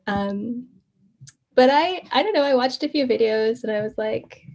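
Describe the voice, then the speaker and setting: A woman guest in an interview, telling her story in a casual, animated way, laughing often and acting out the quoted exchanges. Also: on the high side, moderate pace.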